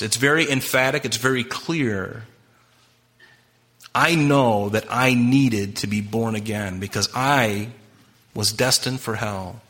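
A man's voice: medium pitch, slow pace, sharp tone. A man preaching a sermon as pastor, emphatic and impassioned, talking straight to his congregation.

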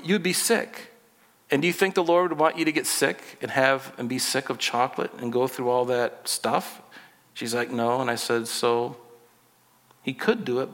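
A man's voice: mid-range voice, sharp tone, long reverb tail. A man in his forties preaching a sermon in a conversational, humorous way, acting out little dialogues. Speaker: pastor.

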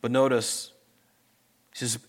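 A man's voice: medium pitch, level tone, takes it slowly. Male pastor preaching in church, earnest, mid-range voice, dynamic delivery. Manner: earnest, swings between loud urging and soft asides. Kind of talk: sermon. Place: church with congregation.

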